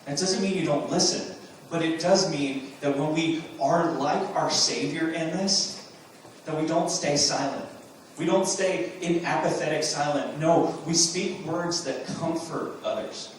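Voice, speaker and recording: Speaking unhurriedly in a slightly high voice, this pastor delivers an earnest sermon full of rhetorical questions and emphatic bursts. The audio carries a bit of hiss or hum, picked up by a distant mic in a highly reverberant room.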